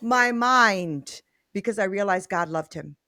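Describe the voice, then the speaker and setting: Woman, middle-aged, podcast host, earnest and animated, dry recording. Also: medium pitch, unhurried, dry recording. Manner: earnest, animated personal storytelling. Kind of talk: conversational interview.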